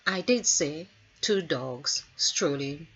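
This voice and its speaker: A woman voicing a dry, unbothered man in court, who speaks low, flat and understated. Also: slow, breathy edge, exaggerated voice. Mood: calm. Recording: dull lo-fi recording.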